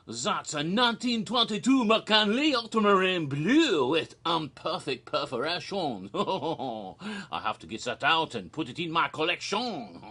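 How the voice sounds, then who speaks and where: A man's voice: high voice, bright, forceful tone, husky, full character voice. A man putting on the voice of a giddy comic doctor who marvels at an X-ray, with a theatrical, giggling delivery. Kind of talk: comic skit.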